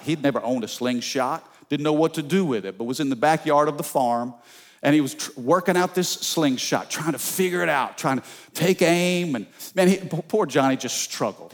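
A male pastor preaching a sermon, telling stories in an animated way and calling out to the congregation. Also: mid-range voice, moderate pace. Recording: long church reverb.

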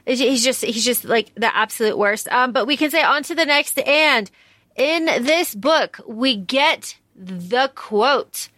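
Animated woman podcast co-host, dry mic. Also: a little high, dry recording. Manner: animated, dramatic, quick to vent strong dislike. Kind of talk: casual book-review chat.

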